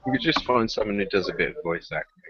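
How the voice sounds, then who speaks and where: A man's voice: lowish voice, expressive, quick pace, dull audio, a crowd in the background. A man, trading jokes and teasing banter in a casual chat. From England.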